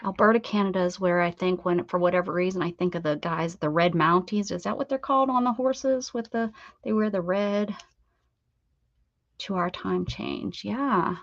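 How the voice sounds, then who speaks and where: A middle-aged woman from the United States runs a craft livestream, talking casually and ramblingly with viewers, with laughs and restarts. Her mid-range voice moves at a normal speed, captured in dull, dry lo-fi stream audio.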